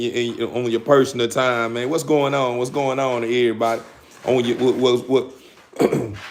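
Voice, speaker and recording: A man's voice: mid-range voice, a little hiss or hum. A man hosting a casual livestream to his viewers, talking in loose, repetitive street slang with frequent stammers. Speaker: dog-breeding channel host.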